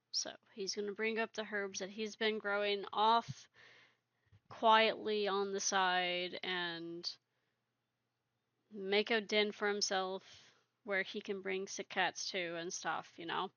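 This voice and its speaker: A woman narrates her game story in a casual, rambling way, full of fillers. Her voice is bright and dry, and the recording sounds dull and lo-fi. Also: mid-range voice, little pitch movement, takes it slowly, smooth, dry recording. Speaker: video creator.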